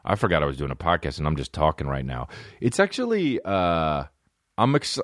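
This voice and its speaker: A man hosting a solo comedy podcast, rambling and swearing as he riffs, bursting into quick mock voices. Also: extremely low pitch, sing-song, fairly bright tone, dry recording, studio quality. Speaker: podcast host. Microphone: phone.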